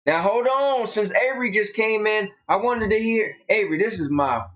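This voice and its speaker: A man's voice: high voice, moderate pace, a bit bright. A man with a Southern US accent co-hosting a casual live stream, drawling and emphatic as he tells a story. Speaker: co-host.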